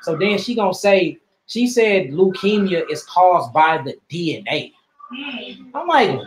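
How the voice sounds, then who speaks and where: A man's voice: high voice, big pitch swings, measured pace, rough recording. Indignant man retelling an argument. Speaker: member of the study group.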